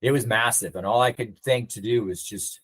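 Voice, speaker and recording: A man's voice: mid-range voice, moderate pace, a bit bright, poor audio. A middle-aged man, a navy veteran and nonprofit leader, telling his story in a casual interview and acting out the lines of people in it. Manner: reflective storyteller who acts out quoted dialogue.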